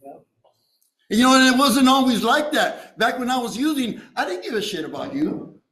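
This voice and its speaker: A man's voice: very high voice, animated, normal speed, pushed and bright, reverberant, rough recording. A man sharing his recovery story at a meeting, streetwise and profane, tossing in "you know" and "right?". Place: meeting room.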